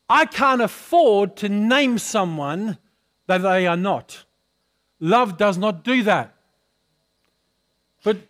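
A male pastor preaching a sermon who keeps putting questions to the congregation and asking for an amen, clearing his throat now and then. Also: sits high, fairly bright tone. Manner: calls for responses from the congregation, often asks questions.

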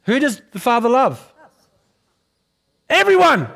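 A male pastor preaching a sermon who keeps putting questions to the congregation and asking for an amen, clearing his throat now and then. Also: high-pitched, animated, slow. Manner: calls for responses from the congregation, often asks questions.

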